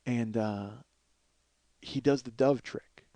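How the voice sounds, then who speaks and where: A man's voice: medium pitch, slow pace, warm tone, no room sound. A man telling a comic story on a podcast, swearing freely and laughing through it. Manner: profane, laughs through his own story. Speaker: comedian host. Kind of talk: comedic storytelling monologue.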